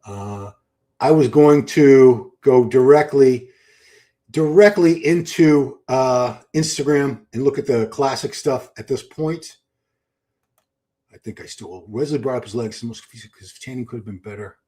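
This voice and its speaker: Dark in tone and measured in pace, this man's mid-range voice hosts a live stream. He's chatty and enthusiastic, reads out viewer questions, and keeps restarting his sentences.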